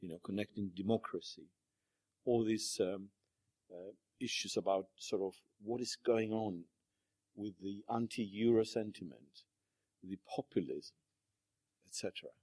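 A man presents at an academic panel, pausing on fillers and repeating himself as he searches for words. His voice sits low, and the sound is dry and close. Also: darkish tone, no room sound. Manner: hesitant, many fillers and restarts. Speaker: panel speaker.

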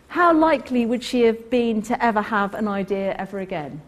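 A woman telling a workplace story in a talk, animated and acting out the people she quotes. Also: fairly high pitch, normal speed, few pauses. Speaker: co-host.

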